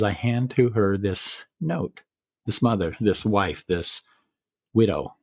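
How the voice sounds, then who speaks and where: A man hosting a podcast, retelling a personal story in casual chat, measured and full of quoted dialogue. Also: on the low side, lively intonation, a little mellow, dry recording.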